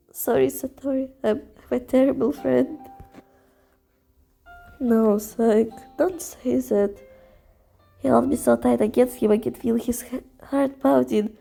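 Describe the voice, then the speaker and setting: A woman's voice: a little high, creaky, mellow, husky. A woman reading a visual novel aloud in the first person, emotional, with stumbles and restarts. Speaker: reader voicing a visual novel.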